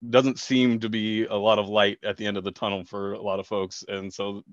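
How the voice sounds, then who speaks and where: A man co-hosts a podcast, working through ideas slowly with lots of "uh" and "like." His voice is low. The audio is dull and muffled, like a dry call recording. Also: flat delivery, no room sound. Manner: thoughtful, halting, many fillers. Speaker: podcast co-host. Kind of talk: casual podcast chat.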